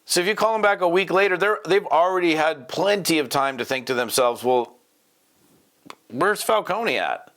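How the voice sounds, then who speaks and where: A middle-aged man coaching network marketers in an energetic, casual talk, quickly acting out bits of phone dialogue with prospects. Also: on the high side. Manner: fast, animated, acts out quick prospect dialogues.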